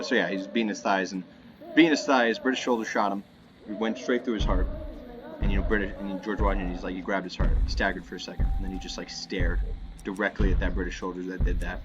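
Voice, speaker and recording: A man's voice: low voice, highs cut off. A young man giving rambling, joking commentary over a horror game, hedging often and wandering off topic. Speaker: gameplay commentator. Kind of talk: rambling let's-play commentary. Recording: loud game noise behind voice.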